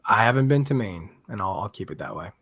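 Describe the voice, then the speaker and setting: A man's voice: fairly low pitch, expressive, quick pace, vocal fry, a bit bright, husky, no room sound. A man co-hosting a casual podcast, enthusiastic and laid-back, with easy slang. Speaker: podcast co-host.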